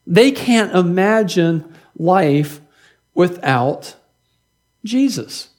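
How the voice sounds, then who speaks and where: High-voiced man preaching conversationally. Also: expressive, extremely slow, a little mellow. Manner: conversational preaching with many repeated words and tag questions. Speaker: pastor. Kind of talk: sermon.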